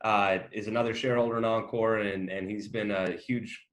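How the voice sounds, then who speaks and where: A man's voice: lowish voice, steady tone, fairly quick, fairly bright tone. A man hosting an interview, asking long, wandering questions with many fillers in a friendly, casual way. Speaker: interview host, company co-founder.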